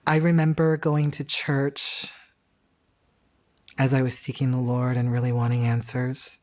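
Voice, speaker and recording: A man calmly recounting a personal testimony. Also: mid-range voice, a little slow. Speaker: testimony speaker.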